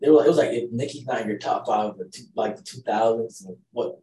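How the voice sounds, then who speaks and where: A man co-hosting a podcast in casual chat, animated and slangy, repeating words as he restarts his sentences. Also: medium pitch, fast. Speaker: podcast co-host. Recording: roomy, distant mic, faint noise.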